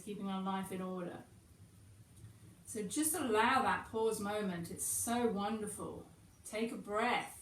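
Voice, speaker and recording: A woman guides a yoga class in a calm, chatty, encouraging way, with soft little asides. She sounds a step back from the mic in a room full of echo. A faint hiss sits underneath. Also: mid-range voice, far from the mic. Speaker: yoga teacher.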